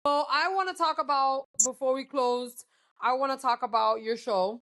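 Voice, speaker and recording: At normal speed and in a fairly bright, high voice, a woman co-hosts a podcast, gossiping in casual chat. Lots of profanity comes through, along with Spanish words slipped into her English.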